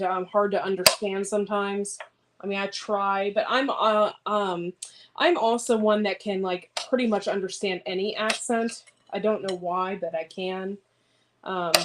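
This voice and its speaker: A woman rambles in easy, casual talk while cutting vegetables in her kitchen and answering viewer comments. Her voice sits at an ordinary middle pitch. Clear background noise and clicking run under the recording. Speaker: homesteading vlogger. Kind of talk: casual livestream chat.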